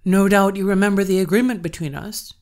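A woman's voice: mid-range voice, fairly quick, a little mellow, natural voice. A woman voicing a sly, smiling old male troll farmer who talks with false kindness in a storybook reading. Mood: smug. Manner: blandly mocking, falsely kind.

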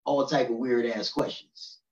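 A man's voice: medium pitch, steady tone, measured pace, darkish tone, distant mic. A stand-up comedian from New York City in his thirties, talking to the crowd in a loose, chatty way and often asking "you know what I'm saying.". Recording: roomy echo, dull lo-fi sound.

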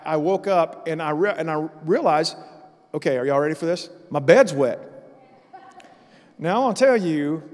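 A man preaching a sermon as pastor, telling an animated story in a church. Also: a little high, big-room sound. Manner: storytelling, animated and loud in acted-out parts. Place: church sanctuary.

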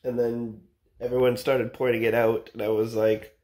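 A man's voice: medium pitch, normal speed. A young man with a Canadian accent, chatting casually and telling funny stories for his vlog. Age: young adult. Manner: joking, animated storyteller. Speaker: vlogger. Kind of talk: casual chat.

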